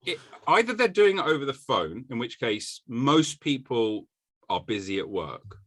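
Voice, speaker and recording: Bright, dry-sounding man joking sarcastically. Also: moderate pace, no echo. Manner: joking, sarcastic, animated pitch jumps. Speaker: podcast host. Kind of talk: casual comedic chat.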